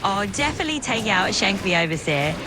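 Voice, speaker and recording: A woman's voice: medium pitch, sing-song, a little fast, background noise. A text-to-speech woman's voice as an AI assistant, cheerful and agreeable, sometimes slurring its words. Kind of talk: upbeat chatbot replies.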